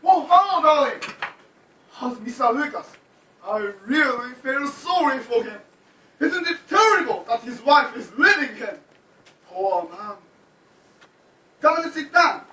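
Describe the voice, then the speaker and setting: A student actor playing a mild, well-meaning middle-aged father in an amateur stage play, gentle and earnest. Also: high-pitched, very animated, a little slow, long pauses, a little hiss or hum, heavily acted. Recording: echoey theatre from far off.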